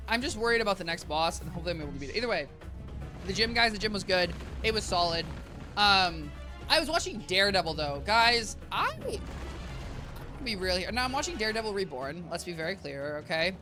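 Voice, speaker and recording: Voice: medium pitch, lively intonation, quick pace, over music. A young adult game streamer in casual gameplay commentary, rambling and chatting to viewers with lots of filler. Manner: rambling, talks to chat, heavy use of "like" and "guys".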